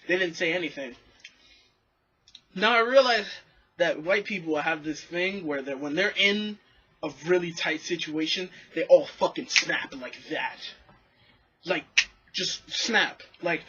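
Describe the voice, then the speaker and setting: A young man vlogging, telling a story in a casual, animated, profanity-laced way. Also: on the high side, a little slow, long pauses, husky, highs cut off. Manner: animated, swearing, acts out quotes.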